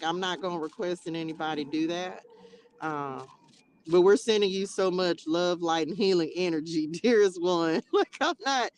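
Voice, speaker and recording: Slight background noise sits under this lowish female voice. The speaker hosts a casual livestream through a tablet mic, chatting expressively, addressing viewers as baby and child, and laughing in bursts.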